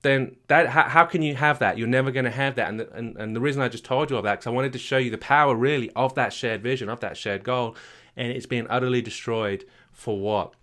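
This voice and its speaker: A man's voice: mid-range voice, fairly quick, a bit bright. A man coaching a marriage retreat, talking emphatically, repeating his points and tagging them with "right?". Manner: emphatic and repetitive, with frequent restarts and "right?" tags. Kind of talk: retreat workshop talk. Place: retreat venue.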